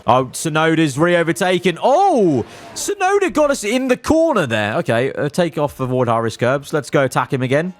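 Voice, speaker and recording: A man commentating his own racing management game, cheering on his drivers and swinging between calm analysis and elated outbursts. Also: fairly high pitch, moderate pace, few pauses. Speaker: gaming YouTuber.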